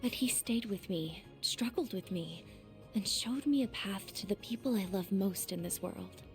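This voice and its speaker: A poised, self-assured young woman who leads her classmates, voiced by a woman. She speaks calmly with a light teasing warmth, at a mid pitch, as game audio with faint music underneath. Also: unhurried, lightly acted. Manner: composed, warmly teasing. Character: poised young woman student council president.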